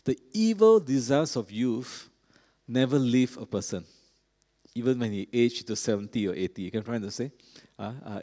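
A man preaching a sermon in a cathedral, earnest, often pausing with fillers and restarting his phrases. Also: mid-range voice, dark tone. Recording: long hall reverb.

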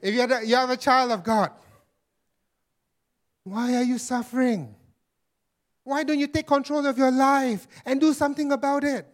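A man's voice: fairly even intonation, normal speed, pauses often. A man preacher voicing a sinister male devil who taunts with persuasive questions. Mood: taunting. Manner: taunting rhetorical questions, raised pitch.

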